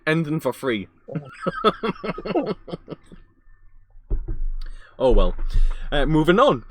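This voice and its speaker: A man's voice: a little high, big pitch swings, drawn-out words, a bit bright, slightly rough. A man with a Geordie accent hosting a podcast, making dry jokes and chuckling in casual chat. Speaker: podcast host.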